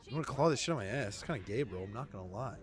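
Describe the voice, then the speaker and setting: A man playing a shooter game cooperatively with a friend, swearing a lot and swinging between yelling and quiet mumbling. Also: fairly low pitch, expressive, racing. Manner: loud, profane, swings from shouting to mumbling. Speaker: gaming channel host. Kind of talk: casual co-op gaming chat.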